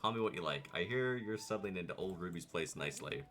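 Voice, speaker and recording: Un hombre que interpreta a Lily Cotton, hobbit alegre. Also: male voice, sits low, lively intonation, fast, fairly bright tone. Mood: welcoming. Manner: chatty and welcoming. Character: cheerful motherly hobbit woman.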